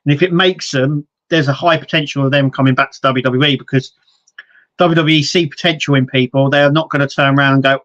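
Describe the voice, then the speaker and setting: A man's voice: medium pitch, fairly even intonation, fast talker, a bit bright, highs cut off. A man co-hosting a casual wrestling podcast, rambling with lots of restarts and quoted asides. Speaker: podcast co-host.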